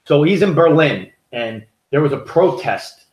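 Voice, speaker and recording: An American man co-hosts a podcast in an echoey room, telling stories in a heated, profane, rambling way during casual, opinionated chat. His voice is on the high side with lively intonation, an unhurried pace, and a darkish tone.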